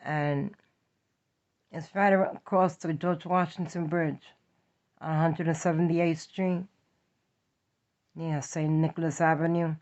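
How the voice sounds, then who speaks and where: A woman's voice: low voice, steady tone, a little slow, long pauses, a little mellow. A woman from New York with a New York accent, telling a personal story in a blunt, profane, emphatic way. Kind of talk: confessional story time. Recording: dull lo-fi audio.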